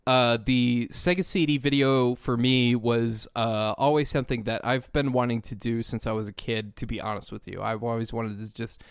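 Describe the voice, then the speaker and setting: A man's voice: mid-range voice, steady tone, normal speed, few pauses, clear, resonant tone, no echo, clean studio sound. Rambling man chatting on a podcast. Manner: rambling, heavy use of "like" fillers. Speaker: podcast co-host. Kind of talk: casual chat.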